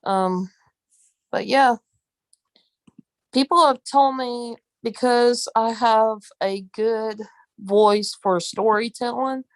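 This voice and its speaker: A woman with a Southern US accent, chatting casually on a live stream, rambling with many pauses and ums while greeting viewers. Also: fairly high pitch, no room sound. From Southern United States. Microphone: phone.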